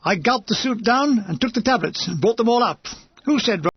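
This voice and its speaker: A man's voice: extremely high pitch, expressive, brisk, husky, no room sound, dull audio. A man reading a comic war memoir aloud as an audiobook narrator, with a wry, dryly comic delivery.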